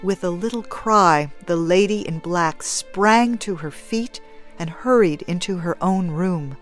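A woman narrating a story in a measured, even way. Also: fairly low pitch, faint music behind. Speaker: audiobook narrator. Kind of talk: scripted narration.

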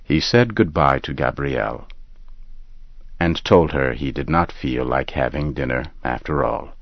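A man narrating a story in a slow, measured, deliberate way. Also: creaky, no room sound, dull audio. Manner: measured, deliberate, low and calm. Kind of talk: slow scripted story reading.

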